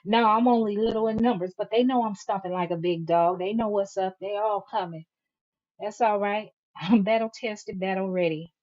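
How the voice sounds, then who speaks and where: A woman's voice: mid-range voice, steady tone, moderate pace, darkish tone. A woman hosting a live stream, reading viewers' comments aloud and answering them in a sassy, emphatic way. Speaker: channel host. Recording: dull lo-fi stream audio.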